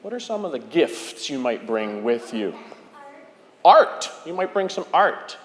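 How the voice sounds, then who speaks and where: Man, church children's time leader, playful, slow-paced, long reverb. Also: on the high side, very animated. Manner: playful, asks questions, sings along. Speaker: director of lifelong faith formation. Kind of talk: children's time talk and song leading. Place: large church sanctuary. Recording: echoey hall, organ music behind.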